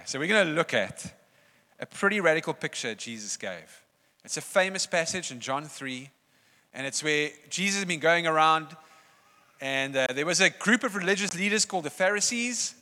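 A man preaching a sermon in a conversational, animated way, often laughing. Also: on the high side, moderate pace. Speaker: pastor. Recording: long reverb of a church hall.

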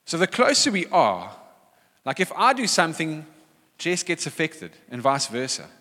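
A man's voice: on the high side, wildly swooping pitch, normal speed, pushed and bright. A man, a pastor, preaching a sermon in a church hall and acting out quoted voices with animation.

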